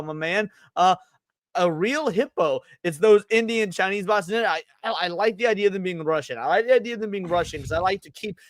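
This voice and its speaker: Energetic male stream host with a high voice, chatty and casual, dry close-mic sound. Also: dry recording. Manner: energetic, shouting out chat names. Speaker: podcast host. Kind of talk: casual livestream podcast chat.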